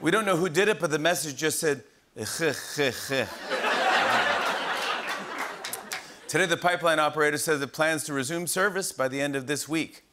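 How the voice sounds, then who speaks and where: A man's voice: fairly high pitch, quick pace, few pauses, a little hiss or hum. A man in his forties hosting a late-night comedy monologue, giggling at his own jokes. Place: TV studio with live audience. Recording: broadcast with loud audience laughter.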